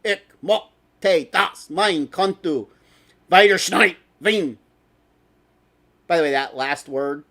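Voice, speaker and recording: A man hosting a talk stream, ranting in an angry, sarcastic and profane way. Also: a little high. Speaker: host.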